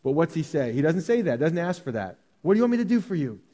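A high-pitched man preaches a sermon from a church sanctuary. His delivery swings between loud, raised cries and quiet, hushed lines. A long reverb from the big hall trails after his voice. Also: quick pace. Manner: animated, swings from shouting to hushed. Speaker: pastor.

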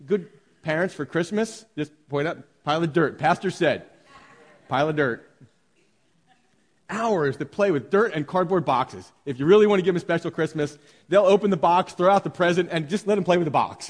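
A man preaching a sermon, moving between lively storytelling and calm Bible teaching to a congregation. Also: high-pitched, fairly quick. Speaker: pastor. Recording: long hall reverb.

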